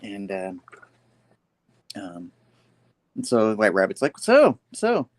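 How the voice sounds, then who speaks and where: A man's voice: on the low side, slow, no room sound. A man hosting a casual comic book review, rambling with many fillers and frequent laughter. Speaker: host of a comic review show.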